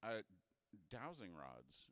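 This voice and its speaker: Low-voiced man telling an improvised story. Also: wildly swooping pitch, slow, a bit bright, no room sound. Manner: casual, offhand, joking. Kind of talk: improvised story told live. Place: indoor bar.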